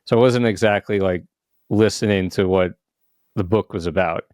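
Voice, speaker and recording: A man's voice: sits low, moderate pace, a little mellow, no room sound, clean studio sound. A man co-hosting a podcast in casual chat, hesitant, with many restarts and fillers. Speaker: podcast co-host.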